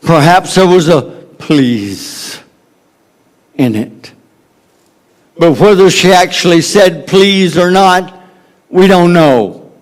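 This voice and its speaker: Southern US male pastor, slow dramatic sermon delivery, emphatic then hushed. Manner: dramatic, swings from loud emphasis to hushed low tones.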